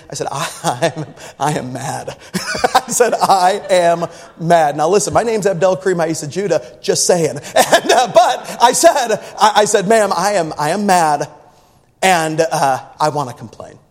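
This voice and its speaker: A man preaching, telling a story with laughter and swings from low grumbling to loud shouts. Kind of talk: sermon story. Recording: reverberant hall.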